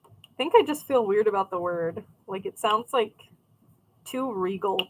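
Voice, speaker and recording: A woman's voice: medium pitch, expressive, measured pace, slight background noise, poor audio. A young woman hosting a crafting livestream, chatting casually and answering viewers' questions as she goes. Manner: chatty, rambling, reads and answers chat. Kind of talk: casual chat with live viewers.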